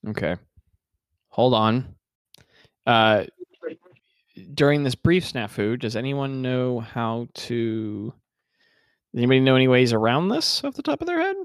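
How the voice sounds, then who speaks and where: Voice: medium pitch, very animated, a little slow, pauses often, clear, resonant tone, dry recording, studio quality. A game master hosting a casual tabletop game session, chatty and self-deprecating, laughing easily.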